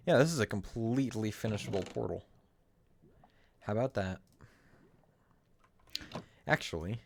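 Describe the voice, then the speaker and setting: At his desk microphone, a man streaming a game talks through his moves in casual commentary, rambling, wry and correcting himself. His voice is deep and a little mellow.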